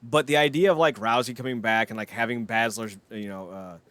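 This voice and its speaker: A man's voice: medium pitch, fairly even intonation, fairly quick, fairly bright tone, no echo. A man co-hosting a wrestling podcast, casual chat, opinionated, rambling and jokey. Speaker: podcast co-host.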